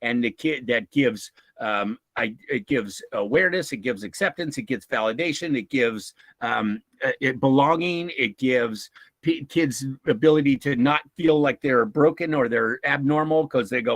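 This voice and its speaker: A man from a nonprofit, giving an informal talk and answering questions in an animated way, with chuckles, restarts and acted-out quotes. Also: medium pitch, normal speed, no echo, poor audio. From United States. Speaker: guest speaker from a nonprofit.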